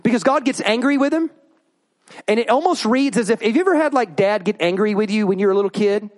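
Guy preaching a sermon, really high voice, lively, acts out the lines. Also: fast. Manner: animated, acts out quoted voices with rising pitch. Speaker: pastor.

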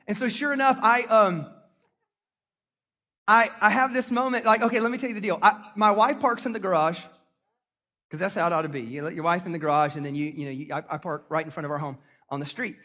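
A man's voice: sits high, brisk. A middle-aged male pastor, preaching a sermon in a chatty, storytelling way and calling on the congregation to answer. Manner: conversational storytelling preacher, animated call-and-response.

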